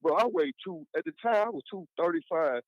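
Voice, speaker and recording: A man from Texas with a Southern accent, calling in to chat casually, animated and repetitive, swearing freely. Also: on the high side, a little fast, no room sound, lo-fi sound. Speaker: caller.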